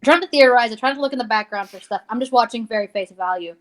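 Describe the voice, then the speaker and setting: A woman's voice: on the high side, fast talker. A young adult woman, a fan artist, chatting as a podcast guest, rambling with lots of fillers and restarts. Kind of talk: casual interview chat.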